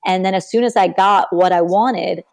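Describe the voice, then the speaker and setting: A woman's voice: normal speed, gravelly. A young woman from Texas, a podcast guest, telling stories casually and acting out the people she quotes. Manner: animated, acts out quoted people with big pitch jumps. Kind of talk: casual storytelling in an interview.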